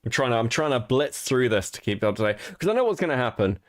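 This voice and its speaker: A man's voice: mid-range voice, very animated, quick pace. A man from Europe hosting a livestream, talking casually in a rambling, profane way while he thinks aloud. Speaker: streamer host.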